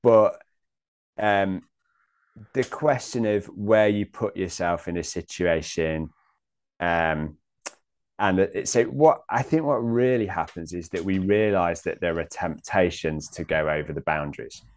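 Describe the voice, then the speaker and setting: A man in a casual theological discussion, thinking aloud with many pauses and restarts. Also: deep voice. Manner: hesitant, many ums and restarts.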